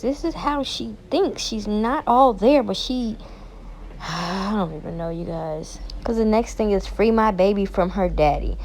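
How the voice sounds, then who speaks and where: Woman, casual commentary, exasperated, incredulous, middle pitch. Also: slight background noise. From Chicago. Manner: incredulous, exasperated, rising to sharp outbursts. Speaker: commentary channel host.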